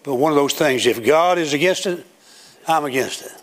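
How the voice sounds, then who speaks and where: A man's voice: a little high, moderate pace. An older man preaching a sermon in a church, building to emphatic, declaiming runs. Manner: emphatic, rising to loud preaching cadence. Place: church sanctuary with platform.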